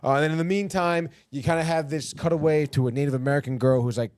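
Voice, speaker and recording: A man's voice: fairly high pitch, fast talker, clean tone. A man hosting a podcast, animatedly retelling a TV episode and tossing off the characters' lines himself, with plenty of swearing. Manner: animated storytelling, voices the characters' quips in passing, swears often. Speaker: podcast host. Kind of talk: casual recap of a TV episode.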